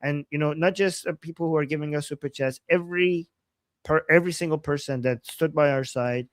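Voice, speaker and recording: A man's voice: fairly high pitch, brisk, dry recording. A young man co-hosting a live stream, talking in a casual, rambling way with many restarts, whose first language is Persian. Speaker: co-host. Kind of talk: casual livestream chat.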